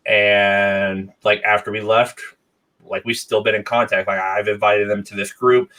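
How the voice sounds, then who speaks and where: A man with a fairly low voice hosts a casual podcast chat. He rambles along, full of ums and restarts. He sits a little back from his microphone. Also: level tone, unhurried, bright, forceful tone, distant mic, rough recording. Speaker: podcast host.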